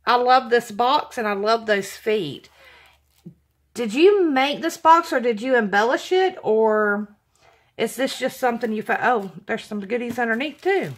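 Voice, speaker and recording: A slightly high, somewhat slow voice belongs to a craft vlogger from Alabama chatting through an unboxing. She gushes with giddy excitement, laughs often and apologizes.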